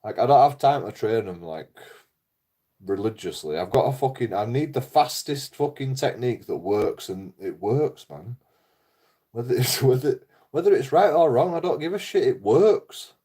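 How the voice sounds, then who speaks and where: An Englishman rambles on in a loose, unscripted monologue, cursing freely and laughing often. His voice sits at an ordinary pitch, with a darker, mellow tone. He comes across blunt and unpolished. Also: lively intonation, moderate pace, slightly rough. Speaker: YouTuber.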